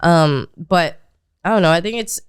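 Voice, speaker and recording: A woman's voice: fairly low pitch, moderate pace, clear, resonant tone, no room sound, clean studio sound. Laid-back young woman co-host. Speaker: podcast co-host. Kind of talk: casual podcast chat.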